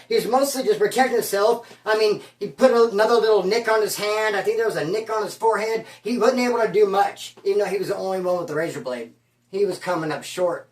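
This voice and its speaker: A man telling a prison story in a loose, slangy way, acting out the people he quotes. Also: high-pitched. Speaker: storyteller recounting prison life. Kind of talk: casual spoken storytelling. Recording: echoey room, voice from a distance.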